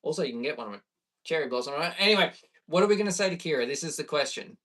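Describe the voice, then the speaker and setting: An Australian man in his thirties, a bass player chatting easygoing with viewers on a live stream. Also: expressive, very fast, a bit bright, distant mic. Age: 30s. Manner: chatty and easygoing, reading viewer questions aloud.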